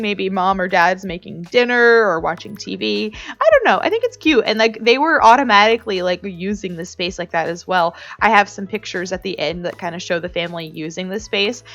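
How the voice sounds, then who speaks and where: A woman chatting casually over her building footage, sentimental and full of fillers and restarts. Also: mid-range voice. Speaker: game builder and video creator. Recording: slightly dull audio with soft music beneath.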